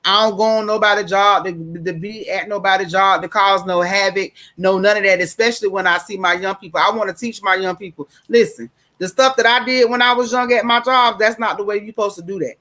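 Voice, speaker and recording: A woman's voice: medium pitch, fairly even intonation, fairly quick, few pauses, sharp tone. A middle-aged woman hosting a talk show, giving an emphatic, preachy monologue and calling listeners baby. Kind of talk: casual monologue.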